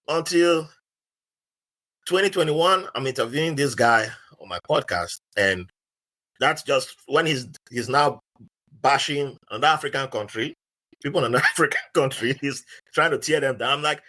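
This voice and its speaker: As a podcast guest, this man from Nigeria animatedly recounts a story in casual conversation, performing the voices of its characters in his Nigerian accent. He speaks at a moderate pace in a mid-range voice.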